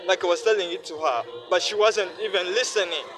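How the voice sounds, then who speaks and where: A man's voice: high voice, a little fast, loud music behind the voice, rough recording. A weary young man pouring out his feelings in a heartfelt, repetitive personal vlog monologue. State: weary, worn down. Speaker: vlogger.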